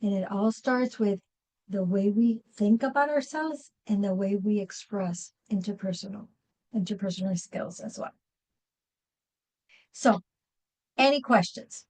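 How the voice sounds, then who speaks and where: Slow-paced woman giving a seminar talk. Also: mid-range voice, a little mellow, poor audio. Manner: slow, many fillers and restarts. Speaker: workshop presenter.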